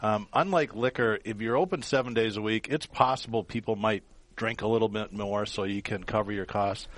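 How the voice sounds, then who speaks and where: A man's voice: fairly low pitch, fairly quick, dry recording. A middle-aged man, a car dealer guest, explaining his trade and telling blunt anecdotes in a casual talk show.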